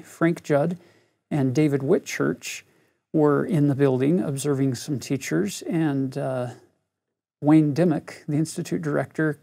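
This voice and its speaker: A man's voice: on the high side, creaky, dark tone. A middle-aged man teaching a scripture lesson, telling a personal story in an earnest way and speaking straight to his listeners. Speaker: religion teacher.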